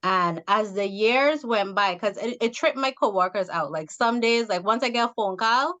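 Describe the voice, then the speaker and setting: Animated Caribbean woman host. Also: mid-range voice, normal speed, highs cut off. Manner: animated storyteller, laughs often. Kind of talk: casual interview chat.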